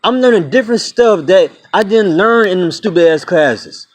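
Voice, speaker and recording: Speaking at normal speed in an animated, high-sitting voice, a man in his twenties rants bluntly to the camera for his vlog. He curses freely and calls viewers "y'all" and "man."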